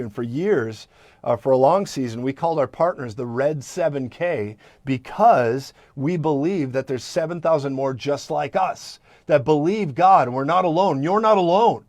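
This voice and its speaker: Male broadcast preacher, fervent and emphatic, fairly high voice, dry close sound. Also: animated, a little mellow, no echo. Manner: fervent, emphatic, with quick asides and repetitions. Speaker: prophetic minister and broadcast host.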